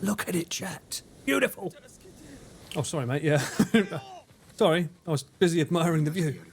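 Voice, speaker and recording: A man's voice: on the high side, normal speed, slight background noise. A man streaming live, chatting casually with his viewers, laughing often and swearing freely. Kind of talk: casual livestream chat.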